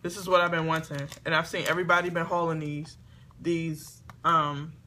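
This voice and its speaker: A woman chatting excitedly to camera as she opens gifts, talking to her viewers at home. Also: deep voice, normal speed, slight background noise. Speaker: beauty vlogger. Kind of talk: casual unboxing chat to camera. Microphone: camera on a tripod.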